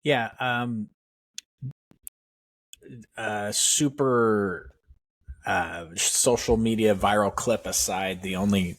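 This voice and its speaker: A man with a low voice argues his points bluntly and with conviction. It is casual podcast talk, close to the mic, with a dry sound and no echo. He sometimes rushes through a thought. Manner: blunt, opinionated, sometimes speeds up. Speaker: podcast co-host. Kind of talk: casual sports chat.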